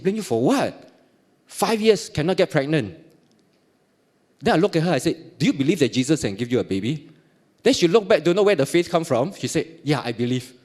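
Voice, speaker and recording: A middle-aged man from Singapore with a Singaporean accent, giving a personal testimony at church and acting out the dialogue as he tells it. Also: a little high. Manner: animated storytelling, acting out dialogue, frequent laughs.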